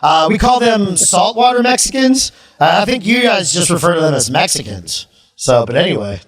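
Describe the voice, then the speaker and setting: A man's voice: high voice, lively intonation, moderate pace, a bit bright. A man from Florida hosting a podcast, brash and irreverent, rambling in casual crude chat. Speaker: podcast host.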